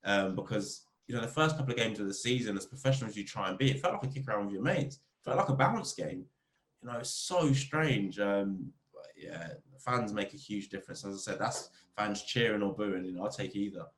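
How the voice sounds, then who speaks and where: Footballer guy telling animated stories, voice jumps up on the funny bits. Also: fairly quick. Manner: animated storyteller, rising pitch when telling funny stories. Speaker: football club captain, podcast guest. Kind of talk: casual interview chat. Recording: roomy echo.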